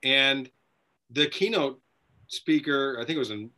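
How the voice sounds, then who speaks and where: Man hosting, bright tone, prompting. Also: mid-range voice, measured pace. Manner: prompting, recaps the guest's stories with hesitant fillers. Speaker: host. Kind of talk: casual interview chat.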